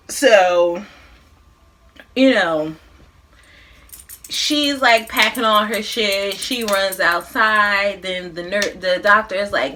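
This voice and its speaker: A woman's voice: mid-range voice, expressive, slow pace, a bit bright. A woman in her thirties, a mukbang vlogger, casually recapping a movie plot while she eats, in a loose, profane, slangy way.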